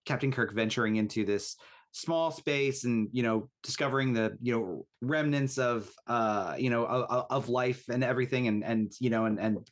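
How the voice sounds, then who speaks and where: A man co-hosting a casual podcast, talking thoughtfully and enthusiastically as a fan. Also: mid-range voice. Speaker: co-host.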